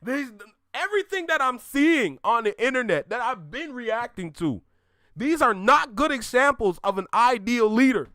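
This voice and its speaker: A man's voice: very high-pitched, sing-song, normal speed, sharp tone, no room sound. Blunt, ranting man with a dry close sound. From Canada. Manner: blunt, ranting, laughs often. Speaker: reaction video host. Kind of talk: casual reaction commentary.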